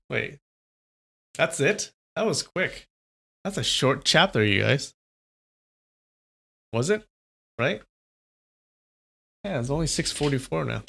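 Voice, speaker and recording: A man's voice: a little high, very animated, slow pace, creaky, long pauses, sharp tone, breathy edge. A man reading a novel aloud on a livestream and chatting casually with viewers between passages. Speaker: livestream storyteller.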